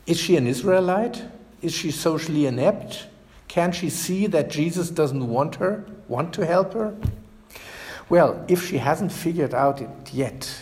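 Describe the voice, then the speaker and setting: Slow, deliberate male preacher. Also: a little high, darkish tone. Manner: rhetorical questions, dramatic pauses. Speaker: pastor. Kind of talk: sermon. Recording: echoey church reverb.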